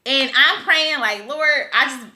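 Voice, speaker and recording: A woman's voice: on the high side, expressive, moderate pace, bright, forceful tone. A woman vlogger telling a personal story, tearful and rambling, laughing through her tears.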